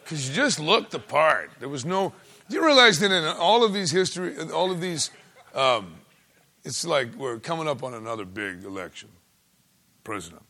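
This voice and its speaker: A man preaching a sermon in a folksy way, swinging between loud exclaiming and hushed asides. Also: fairly high pitch, very animated, moderate pace, creaky. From United States.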